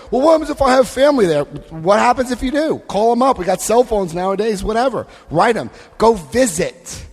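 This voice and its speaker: A man giving a lively recovery talk to a live convention audience, acting out scenes and voicing quotes. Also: high voice. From United States. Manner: animated, acts out scenes, shifts voice for quotes. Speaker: AA convention speaker. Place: convention hall. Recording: long hall reverb.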